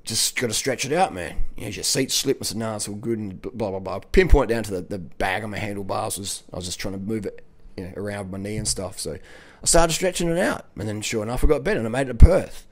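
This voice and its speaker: An Australian man telling a long, rambling story on his own channel, excitable and loose, peppering his talk with "man" and mild swearing. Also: on the low side, quick pace. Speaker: cycling vlogger. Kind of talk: casual monologue.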